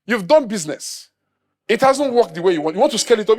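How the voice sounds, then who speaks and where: Animated, high-voiced preaching man. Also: quick pace. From Nigeria. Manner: animated preaching with humor, acting out quoted voices. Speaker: pastor. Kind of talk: sermon.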